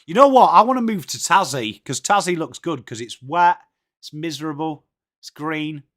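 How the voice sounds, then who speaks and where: Chatty English man, slightly high voice. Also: animated, moderate pace, fairly bright tone. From England. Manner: chatty, greets viewers by name, says mate a lot. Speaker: livestream host. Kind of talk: casual live watchalong chat.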